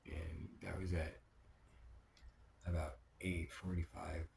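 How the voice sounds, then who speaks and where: Deep gravelly man rambling in an echoey room. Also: little pitch movement, slow pace, darkish tone. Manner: rambling, many fillers, drops to a near whisper at times; swears when upset. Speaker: vlogger. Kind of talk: personal diary vlog. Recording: echoey room with background noise.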